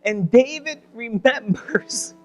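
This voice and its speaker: A man's voice: very high voice, expressive, slow, soft background music. A man preaching a sermon, telling a wartime story dramatically and dropping to near whispers at tense moments. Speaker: pastor. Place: church sanctuary.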